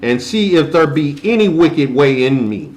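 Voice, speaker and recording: A man's voice: fairly high pitch, sing-song, moderate pace, darkish tone, echoey room. Earnest man reading scripture. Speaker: co-host, scripture reader.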